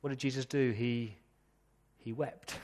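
A man preaching a sermon as pastor, earnest, slowing down to read scripture passages aloud. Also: medium pitch, fairly even intonation, a little mellow, long reverb tail. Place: church.

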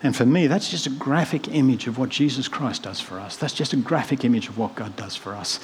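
A man's voice: medium pitch, brisk, few pauses, slight background noise. Earnest man preaching a sermon. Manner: earnest, swings from hushed storytelling to rising emphatic appeals.

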